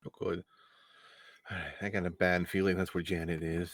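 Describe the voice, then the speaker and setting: A man with a Chicago accent and a very low voice, talking casually as a player at a role-playing table. He sounds relaxed and quick to swear, recorded close and dry. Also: no echo.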